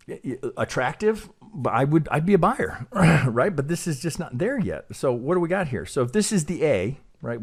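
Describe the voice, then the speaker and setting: A middle-aged man talks his way through a price chart, stopping and starting and asking himself questions as he works. His pitch sits in an ordinary middle range, and he turns often to check with the listener. The tone is an unscripted, thinking-aloud lesson. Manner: hesitant, self-questioning, repeats words. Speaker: trading educator.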